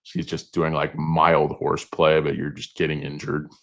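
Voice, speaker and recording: A man's voice: very deep voice, flat delivery, moderate pace. A middle-aged man hosting stock-market commentary, rambling through jokey asides. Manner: meandering, jokey asides, many fillers.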